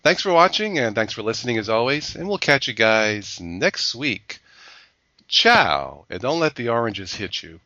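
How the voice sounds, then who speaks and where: A man's voice: mid-range voice, big pitch swings, measured pace, pushed and bright, no echo. A man hosting a casual news chat show in a playful way, laughing at his own jokes, on a dull lo-fi recording. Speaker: show host.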